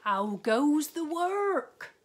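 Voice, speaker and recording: A woman voicing a lazy old male farmer in a storybook, calling out from his bed in a slow, drawn-out, loud voice. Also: sits high, big pitch swings, slight background noise, pitched above the performer's own voice, exaggerated voice.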